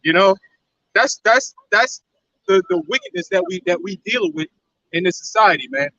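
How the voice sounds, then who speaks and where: A man's voice: high-pitched, huge pitch swings, normal speed, gravelly, pushed and bright. A man talking casually and heatedly in a group conversation, rambling and laughing often. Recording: dull lo-fi audio.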